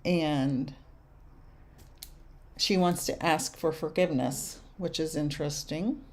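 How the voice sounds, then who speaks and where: A young adult woman medium giving spirit messages to viewers in a casual live chat, halting and soft-spoken. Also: sits low. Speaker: medium answering viewer questions.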